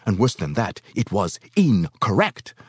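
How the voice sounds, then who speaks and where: A man's voice: mid-range voice, very animated, normal speed, darkish tone, breathy edge, no room sound, studio quality, pitched above the performer's own voice. A man reading aloud and voicing a stern male critic with a pipe who speaks coldly and curtly. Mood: cold disapproving. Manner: cold, clipped, disapproving.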